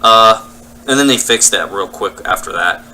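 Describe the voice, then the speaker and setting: Bright-voiced young man rambling through gameplay. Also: lowish voice, moderate pace, poor audio. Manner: rambling, self-correcting, explanatory. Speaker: let's play commentator. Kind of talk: casual gameplay commentary. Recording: faint game noise behind.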